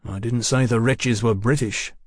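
A man doing a calm, worldly guide. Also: medium pitch, no room sound, clean studio sound, lightly acted. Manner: calm, measured.

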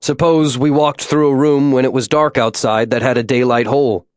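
A man voicing a grim, steady middle-aged father who talks bluntly and seriously in an audiobook. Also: medium pitch, normal speed, dry recording, clean studio sound, lightly acted. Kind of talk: audiobook character voice.

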